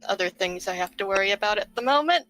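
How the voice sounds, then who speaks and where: A woman's voice: medium pitch, expressive, fast, a bit bright, no echo, faint music behind. A woman voicing a busy young female messenger god in a tabletop game, friendly and a little harried. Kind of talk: tabletop role-play.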